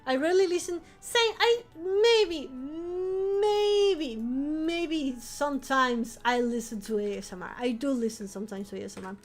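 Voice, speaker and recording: High-voiced streamer woman. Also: normal speed, few pauses, faint music behind. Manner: rambling, chatty, with frequent laughs and restarts. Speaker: vampire-themed streamer. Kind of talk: casual live-stream chat.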